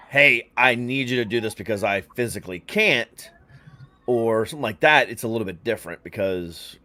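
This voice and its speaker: Man, low voice, podcast co-host, casual, candid, lots of ums. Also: a bit bright. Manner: candid, filler-heavy talk with frequent ums.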